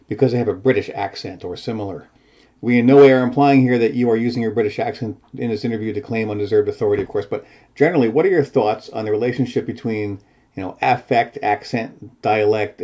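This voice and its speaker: Male host, warm and mellow, reads careful scripted questions. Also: fairly low pitch. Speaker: podcast host. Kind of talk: scripted intro and interview question.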